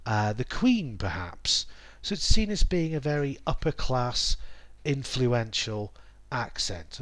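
Male teacher, mid-pitched, measured explanatory delivery, dry close mic. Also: fairly bright tone, no echo. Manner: measured, explanatory, lots of ums and restatements. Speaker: English teacher. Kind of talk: explanatory talk on accents.

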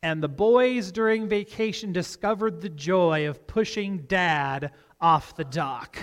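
High-voiced pastor in a reverberant church. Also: male voice, measured pace, smooth. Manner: animated storytelling, raising pitch for quoted voices. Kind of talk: sermon with scripture reading. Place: church sanctuary. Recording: long reverb of a church hall.

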